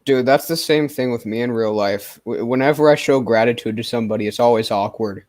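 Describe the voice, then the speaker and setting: Man, mid pitch, offhand joking tone, casual chat. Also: fairly quick, a little mellow, dry recording.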